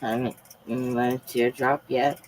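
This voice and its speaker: A woman live streaming from home, talking in a soft, halting, confiding way with frequent pauses. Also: very deep voice, little pitch movement, a little hiss or hum, rough recording. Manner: emotional and confiding. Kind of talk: casual live-stream chat.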